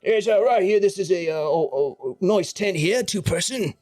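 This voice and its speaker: A man's voice: animated, darkish tone, faint music behind. A man voicing a fussy, eager tall shopkeeper who stammers as he fawns over customers. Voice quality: high, hurried, stammering. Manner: fawning and dithering.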